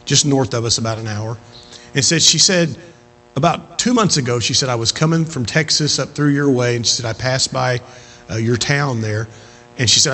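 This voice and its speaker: A man preaching a sermon, telling stories with emphatic, rising exhortations and quieter narrated stretches. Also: medium pitch, a little hiss or hum.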